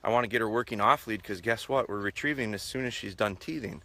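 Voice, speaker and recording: A man's voice: on the low side, quick pace, bright, forceful tone, dry recording. Casual outdoor dog trainer man. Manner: casual, repeats himself, imitates whistle blasts. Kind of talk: live-streamed training talk, answering viewer questions. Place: outdoors with his dogs.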